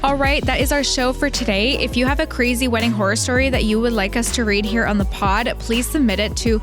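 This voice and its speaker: A woman's voice: on the high side, steady tone, fairly quick. Woman, podcast host, casual solo chat, hesitant restarts, faint background music. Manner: chatty, hesitant restarts, thinking aloud.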